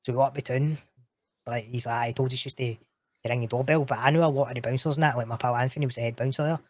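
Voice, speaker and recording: A man with a Scottish accent, a guest telling stories in casual chat, animated and sweary. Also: medium pitch, rapid-fire, no room sound. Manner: animated, sweary, quotes others in raised voice.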